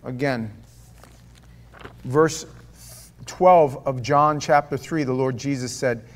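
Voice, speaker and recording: A man's voice: medium pitch, slow. A man preaching a sermon as pastor of a church, telling stories in a conversational way and firing off rhetorical questions.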